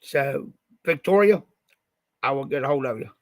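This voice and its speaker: A man's voice: medium pitch, expressive, moderate pace, no room sound. A man from Ohio hosting a livestream, telling a rambling story and repeating "I said" as he goes, slightly stuffed up after the flu. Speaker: livestream host.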